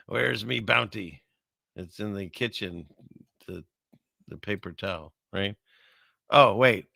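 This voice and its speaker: A man with a gravelly, gritty voice and a very bright, sharp edge rambles through casual commentary on clips. He chuckles through his asides. The sound is dry and close to the mic. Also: on the low side, no echo. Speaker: host.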